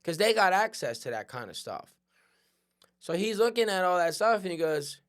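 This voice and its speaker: A man hosting a podcast, telling a personal story in a conversational, animated way and often checking in with "right?". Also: high voice, normal speed. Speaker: podcast host. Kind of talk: storytelling monologue.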